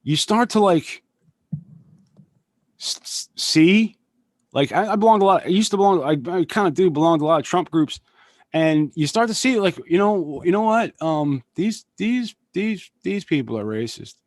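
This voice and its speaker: A punk musician guesting on a podcast chats casually in a high, lively voice at a moderate pace. He swears a lot, rambles, and keeps losing his train of thought. The studio-quality audio has no room sound.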